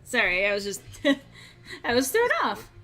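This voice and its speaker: A woman's voice: on the high side, sing-song, measured pace, pushed and bright, soft background music. A woman streaming a game and chatting casually with friends, laughing often.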